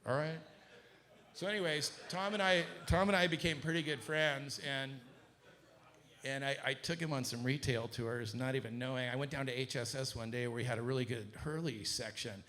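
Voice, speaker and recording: A middle-aged man from Southern California telling a business story to an audience, acting out the quoted voices with a rising pitch. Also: moderate pace. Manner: animated, acts out quoted dialogue with rising pitch. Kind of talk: casual storytelling talk to an audience.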